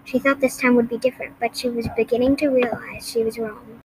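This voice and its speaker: Female reader for a novel, fairly high voice, steady and clear, faint noise behind. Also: fairly quick. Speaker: audiobook reader. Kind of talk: reading a novel aloud.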